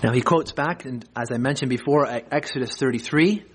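A man's voice: medium pitch, a little fast, a bit bright, slightly rough, poor audio. A man preaching an expository sermon as pastor, earnest and emphatic, posing rhetorical questions.

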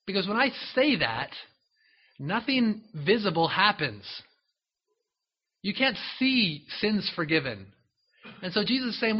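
A man delivers a sermon in a relaxed, storytelling way, as if talking straight to his listeners and drawing them in with asides. His voice sits a little high with a husky, breathy edge. The recording sounds dull and lo-fi. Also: a little slow. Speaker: preacher. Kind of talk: sermon, retelling a Bible story.

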